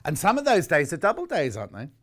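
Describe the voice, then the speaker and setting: A man's voice: a little high, huge pitch swings, quick pace, fairly bright tone. A man presenting live shopping television, chatting and bantering with his co-workers. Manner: chatty, bantering, chuckling asides.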